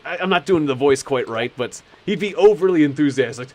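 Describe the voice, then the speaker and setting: A man's voice: mid-range voice, animated, brisk, rough recording. A young man streaming a game, chatting casually, rambling and laughing often. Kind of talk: casual chat while playing a game.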